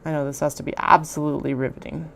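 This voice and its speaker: A woman's voice: sits low, flat delivery, fast, creaky, fairly bright tone. A woman chatting to herself as she sews a bag, talking through each step in a casual, self-amused way. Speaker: crafter sewing on stream. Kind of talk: casual sewing narration. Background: sewing machine running.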